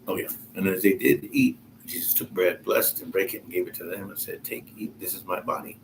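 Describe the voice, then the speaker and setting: Deep gravelly man reading scripture. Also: steady tone, background noise. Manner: reads slowly and pauses to comment, informal asides. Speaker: Bible teacher.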